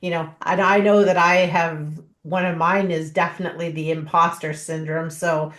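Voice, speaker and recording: Low-voiced woman co-host, echoey room. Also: level tone, a bit bright. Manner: conversational, personal, quick with "you know" asides. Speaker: podcast co-host. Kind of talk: casual interview chat.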